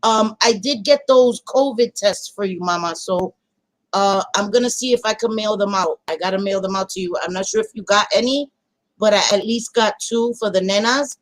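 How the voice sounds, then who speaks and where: A woman's voice: mid-range voice, moderate pace, no echo, poor audio. Chatty, swearing woman livestream host. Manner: chatty, swears casually, greets viewers by name. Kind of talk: casual livestream chat.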